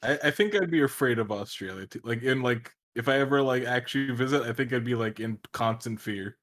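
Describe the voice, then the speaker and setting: A man chatting casually on a podcast, excitable and quick to laugh. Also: medium pitch. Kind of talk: casual chat.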